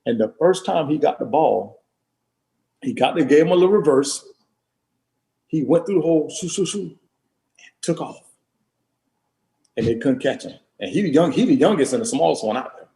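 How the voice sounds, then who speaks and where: A man in his thirties from South Florida tells a story as an interview guest. His somewhat high voice swoops up and down with animated energy, and its tone is dark and mellow. He repeats phrases for emphasis as he goes. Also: moderate pace, gravelly, long pauses. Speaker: interview guest, retired football player.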